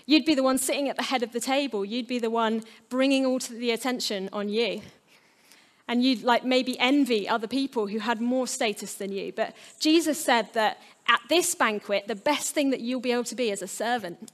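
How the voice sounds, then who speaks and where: A woman's voice: a little high, moderate pace. A woman giving a sermon, earnest and storytelling, with playful asides. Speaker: preacher.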